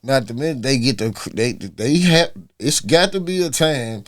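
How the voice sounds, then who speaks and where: A middle-aged man with a drawl talks loosely as a podcast guest, full of slang and repeated phrases. He keeps dropping "man" into his sentences. His voice sits at an ordinary pitch in a dry, close setting. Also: animated, normal speed, no room sound. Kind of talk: casual chat.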